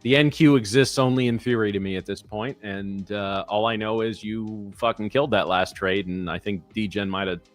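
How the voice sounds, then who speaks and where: A man's voice: on the low side, steady tone, normal speed, hardly any pauses, faint music behind. A man co-hosting a live trading stream, rambling and joking with plenty of swearing. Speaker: trader co-host. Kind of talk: casual live-stream banter.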